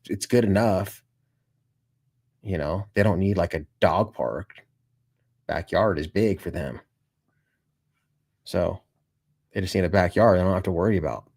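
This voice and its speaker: A man with a fairly low voice hosts a loose live stream and talks straight at his viewers. His delivery is offhand and rambling, with frequent swearing and "dude" tossed in. The tone stays relaxed and conversational. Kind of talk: casual live-stream chat.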